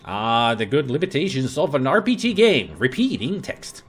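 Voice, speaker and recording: A man's voice: mid-range voice, big pitch swings, normal speed, few pauses. A man hosting a let's play, joking around and reading game text aloud in a playful way. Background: game music.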